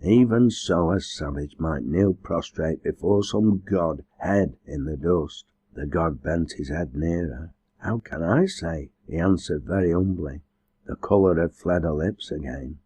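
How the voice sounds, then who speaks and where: A man narrating a novel in measured, even storytelling. His voice is deep and low. The recording is close and dry, with no room sound. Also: breathy edge, no echo. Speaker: audiobook narrator. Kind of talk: scripted narration.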